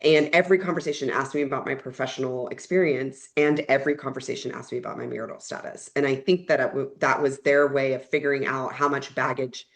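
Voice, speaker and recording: A young woman from Texas, a podcast guest, telling animated stories about her life and laughing often. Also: very deep voice, quick pace, hardly any pauses. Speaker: guest, corporate event planner. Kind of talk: casual storytelling chat.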